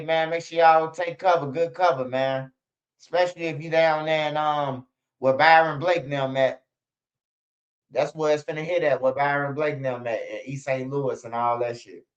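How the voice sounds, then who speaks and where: A man hosting a casual livestream, talking loosely and swearing often. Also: fairly high pitch. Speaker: streamer. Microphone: streaming setup. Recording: slightly dull lo-fi stream audio.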